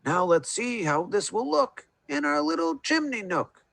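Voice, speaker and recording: A man voicing an excited rabbit father who exclaims eagerly in a high voice. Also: measured pace, creaky, no room sound, heavily acted.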